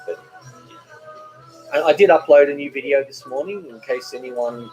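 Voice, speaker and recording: A man's voice: mid-range voice, moderate pace, a little mellow, dull audio, soft background music. A middle-aged man hosting a casual live stream from home, reading viewer comments aloud, rambling and stumbling over repeated words. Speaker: cooking channel host.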